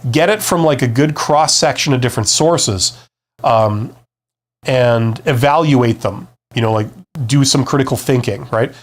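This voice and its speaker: A former CEO hosts a live-stream Q&A on careers, speaking a little slowly in a mid-range voice. He answers viewer comments in a conversational, emphatic style.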